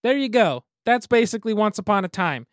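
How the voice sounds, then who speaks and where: A man's voice: high voice, lively intonation, fairly quick, dry recording, studio quality. A man co-hosting a podcast in casual chat, easygoing and self-deprecating, laughing often. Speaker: podcast co-host.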